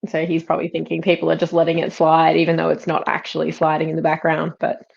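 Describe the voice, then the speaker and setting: Tired female co-host, deep voice, laid-back chat, slightly fuzzy muffled recording. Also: completely flat delivery, fast talker, vocal fry, darkish tone. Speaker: podcast co-host. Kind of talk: casual book discussion chat.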